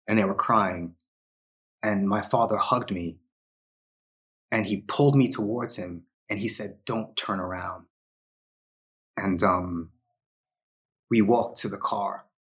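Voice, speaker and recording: A man's voice: on the low side, a bit bright. A man, a podcast guest, telling a long personal story in a casual way and briefly quoting the people in it. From New York. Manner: quotes others in short acted asides.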